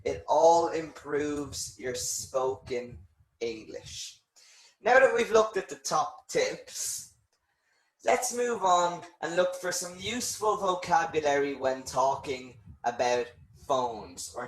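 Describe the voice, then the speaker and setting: A man teaching an online English lesson, explaining slowly and clearly and checking in with "okay". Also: mid-range voice, expressive, reverberant, low-quality recording.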